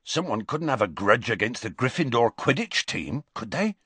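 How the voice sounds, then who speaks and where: Hagrid, hoarse gruff giant by a man. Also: medium pitch, sing-song, unhurried, bright, forceful tone, dry recording, pitched above the performer's own voice, heavily acted. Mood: anxious. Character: huge shaggy gruff male gamekeeper, anxious.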